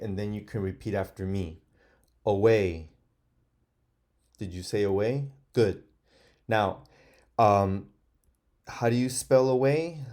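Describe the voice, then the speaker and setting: A man's voice: lowish voice, a little mellow. A man teaching first graders in an online phonics lesson, patiently sounding out words and asking them to repeat after him, with frequent hesitant fillers. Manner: slow, patient, models sounding out words aloud.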